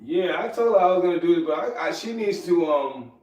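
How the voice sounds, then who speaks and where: A middle-aged man chats on his livestream in a loose, rambling, streetwise way, often turning to his viewers. His voice sits a little high for a man. The room around him is echoey. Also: lively intonation, brisk, darkish tone, recorded from a distance, lo-fi sound. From New York. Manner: rambling, streetwise, talks to the chat. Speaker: livestream host. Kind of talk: casual livestream chat.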